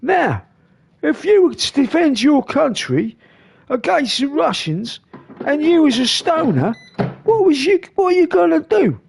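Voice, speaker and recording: A man's voice: very high-pitched, sing-song, unhurried, creaky, background noise, pitched above the performer's own voice, full character voice. A man putting on the voice of an earnest man giving a preachy pep talk, lecturing with rhetorical questions. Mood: mock earnest.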